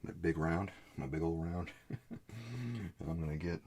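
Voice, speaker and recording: Very deep soft-spoken man teaching painting. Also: little pitch movement, normal speed, slight background noise. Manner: soft-spoken, muttering asides while painting. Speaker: art teacher.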